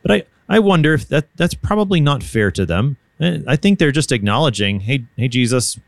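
A man's voice: a little high, very animated, brisk, creaky, dry recording, studio quality. A man co-hosting a casual Bible discussion, thinking aloud with frequent restarts. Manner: thoughtful, hesitant, with many restarts and light laughs.

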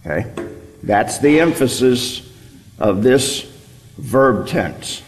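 Male Bible teacher, unhurried and emphatic, echoing hall sound. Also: mid-range voice, expressive. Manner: explanatory, repeats key words for emphasis. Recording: long reverb, hall.

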